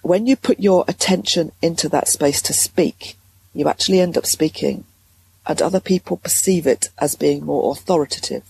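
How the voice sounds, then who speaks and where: A woman transformational coach, calmly explaining and demonstrating how to place attention while speaking. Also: low voice, normal speed, gravelly, breathy edge, rough recording.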